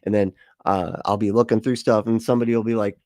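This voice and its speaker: A man chats casually on his livestream, reading out viewer comments, laughing between lines and dropping swear words as he drifts off on tangents. His voice sits a little low and sounds dry and close to the mic. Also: steady tone, fast, warm tone, no echo. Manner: laughs often, swears casually, chatty and rambling. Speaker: livestream host reading chat. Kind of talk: casual chat.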